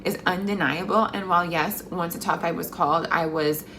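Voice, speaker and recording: A woman's voice: lowish voice, fairly even intonation, a little fast, background noise. A young woman vlogging to camera in a chatty, effusive way, full of fillers. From Mexican heritage. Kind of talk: casual chat to camera.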